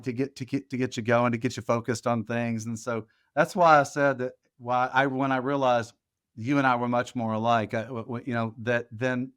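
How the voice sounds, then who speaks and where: A man's voice: mid-range voice, fairly bright tone. Chatty male podcast host. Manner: rambling, many restarts. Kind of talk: casual interview chat.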